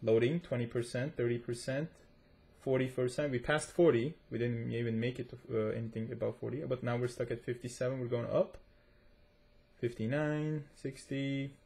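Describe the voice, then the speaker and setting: Gravelly man rambling through a game. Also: mid-range voice, fairly even intonation, normal speed, mellow. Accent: non-native accent, self-described. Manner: chatty and rambling, talking to viewers as he plays. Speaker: gaming tech reviewer. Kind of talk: casual gameplay commentary.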